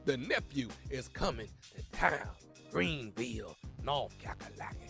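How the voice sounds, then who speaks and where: A man's voice: mid-range voice, expressive, measured pace, creaky, fairly bright tone, soft background music. A male comedian and regular on a radio show, announcing his shows in a hyped, playful way. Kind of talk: radio banter and event promo.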